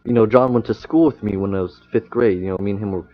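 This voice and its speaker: A young man with a lowish voice tells a rambling story in casual podcast chat. He halts often, filling gaps with "uh" and "you know" and restarting sentences. The recording sounds muffled and lo-fi. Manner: halting storyteller, many fillers and restarts. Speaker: podcast guest.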